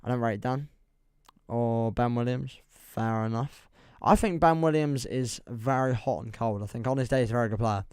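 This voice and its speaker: A man's voice: mid-range voice, normal speed, a little mellow, clean tone, dry recording, clean studio sound. A young man with an English accent chatting casually on a football livestream, rambling and laughing as he reads the chat. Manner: rambling, self-deprecating, reads chat aloud, laughs often.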